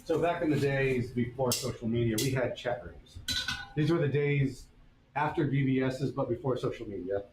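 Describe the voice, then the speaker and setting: A man's voice: mid-range voice, normal speed. Man, casual storyteller, wry, echoey workshop, faint background noise. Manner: laid-back, wry anecdotal delivery. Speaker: blacksmith streamer. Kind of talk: casual storytelling while forging. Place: blacksmith workshop.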